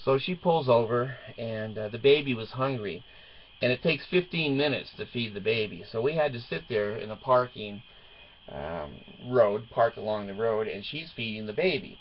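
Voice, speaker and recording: A man's voice: mid-range voice, lively intonation, moderate pace, slight background noise. A middle-aged father telling a family story as a casual monologue, wry and joking, chuckling as he goes. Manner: wry and joking, chuckles through his stories. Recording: dull lo-fi recording.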